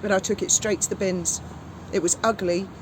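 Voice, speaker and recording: Woman in home chat, deadpan teasing, mid-pitched voice, faint hiss behind. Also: normal speed. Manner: dry, teasing interjections. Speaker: wife of the vlogger. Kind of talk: casual chat.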